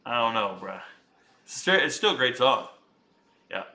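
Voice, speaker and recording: A man's voice: mid-range voice, sing-song, moderate pace, pushed and bright. A man casually chatting and joking with his viewers while he reacts live to a fight.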